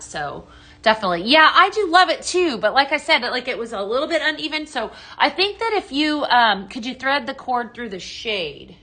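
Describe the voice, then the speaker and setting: Chatty woman host, bright and slightly high voice, live sales stream. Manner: chatty and bubbly, greets viewers by name, answers their questions. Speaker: home fragrance consultant hosting a live sales stream. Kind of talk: casual live-stream product demo.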